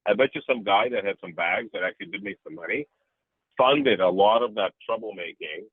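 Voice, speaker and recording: Casual interview guest: husky, animated man, dry tinny phone-like sound. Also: on the low side, a little fast, no room sound. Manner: animated, profane, rambling.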